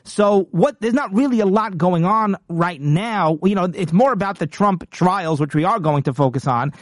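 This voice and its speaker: A man's voice: high-pitched, normal speed, dry recording, clean studio sound. A man hosting a political commentary show, talking in an emphatic, combative monologue with frequent repeats and restarts.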